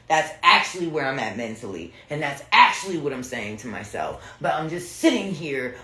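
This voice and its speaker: A woman's voice: low-pitched, big pitch swings, normal speed, few pauses, sharp tone. A woman tarot reader chatting casually on a live stream at home, blunt and profane. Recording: roomy echo.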